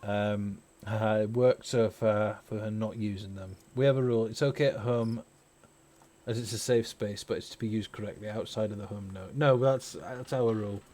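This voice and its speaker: A man's voice: on the low side, fairly even intonation, moderate pace, mellow. Swearing man ranting over gameplay. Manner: rambling, swears freely, opinionated. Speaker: gaming channel host; parent. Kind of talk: casual chat over gameplay.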